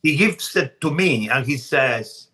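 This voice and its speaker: A man, a chef appearing as a podcast guest, telling stories in an animated, emphatic way and often restarting his sentences. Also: medium pitch, measured pace. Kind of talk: casual podcast storytelling.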